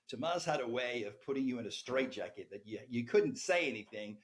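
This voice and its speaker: A man's voice: mid-range voice, expressive, normal speed. A man telling a candid personal story as a podcast guest. He talks animatedly and keeps asking "right?".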